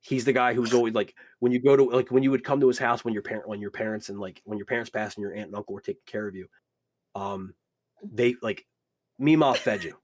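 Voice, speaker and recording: A man's voice: mid-range voice, fast. A man narrating as game master, rambling and full of fillers.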